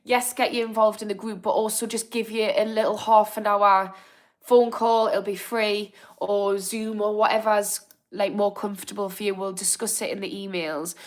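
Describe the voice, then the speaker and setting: A woman's voice: medium pitch, level tone, normal speed. Chatty Northern English woman. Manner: chatty, apologetic, encouraging, laughs easily. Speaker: livestream host. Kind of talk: casual live chat reading comments.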